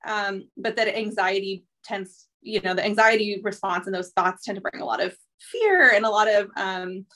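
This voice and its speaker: A therapist in her thirties hosts a podcast, chatting casually and thinking things through reflectively with lots of fillers. Her voice is medium-pitched and pushed and bright, at a normal speed.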